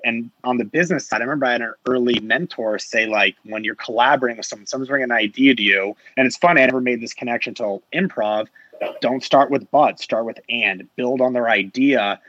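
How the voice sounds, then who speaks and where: A man's voice: mid-range voice, fairly quick, bright, forceful tone, no echo, highs cut off. A man who manages sales reps, chatting casually on a panel and rambling with lots of filler words.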